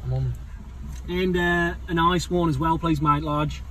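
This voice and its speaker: A man's voice: on the high side, unhurried, a little hiss or hum. A man putting on an Australian accent as a cheerful customer ordering coffee, calling everyone mate. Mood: cheery. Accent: put-on Australian. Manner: loud, cheerful, says mate a lot.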